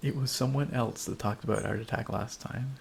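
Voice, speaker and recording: A man's voice: medium pitch, brisk, creaky, darkish tone, a little hiss or hum. A man casually chatting and laughing as he streams a game, rambling between thoughts. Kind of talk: casual gameplay commentary.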